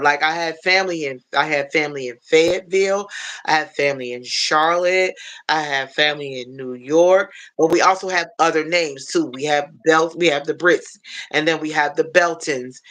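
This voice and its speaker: Hosting a laid-back livestream, this woman has a deep, fairly bright voice. Her talk is chatty and meandering with frequent restarts, and she's sincere and wears her emotions openly.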